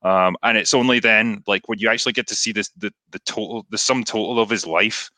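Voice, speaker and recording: Hesitant male author, bright dry voice. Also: on the low side, a little fast, dry recording, low-quality recording. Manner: hesitant, many fillers and restarts. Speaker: author guest. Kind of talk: casual interview chat.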